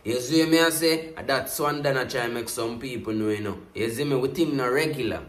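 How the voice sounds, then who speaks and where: A Jamaican man talks through a music reaction in loose, animated patois, circling back to his pet refrains again and again. His voice sits at an everyday middle pitch. The room around him is roomy, with a clear echo on every line. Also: a little fast. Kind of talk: casual music reaction commentary.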